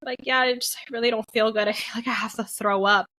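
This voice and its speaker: A fast talker with a slightly high voice, the young woman co-hosts a podcast and chats casually about her birth story. She animates it by acting out what people told her.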